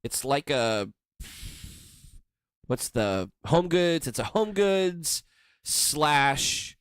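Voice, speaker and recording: A man's voice: fairly high pitch, extremely slow, clear, resonant tone, dry recording, clean studio sound. A man co-hosting a casual podcast, chatting loosely while sipping beer. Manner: relaxed, chatty, drinking beer. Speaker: podcast co-host. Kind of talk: casual chat.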